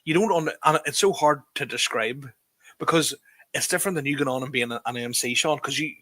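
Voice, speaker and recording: A man's voice: medium pitch, fairly quick, sharp tone, no room sound. A Northern Irish man and comedian co-hosting a podcast, easygoing in casual chat, laughing often. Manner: laid-back, laughs often, repeats words.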